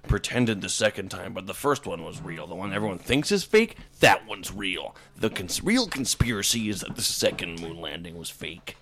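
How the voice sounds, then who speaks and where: A man in casual podcast banter, telling rambling absurd tall tales in a deadpan, profane way. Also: low voice, moderate pace, hardly any pauses.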